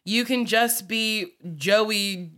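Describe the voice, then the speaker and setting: A woman in casual podcast chat, telling animated stories and laughing often. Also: medium pitch, drawn-out words.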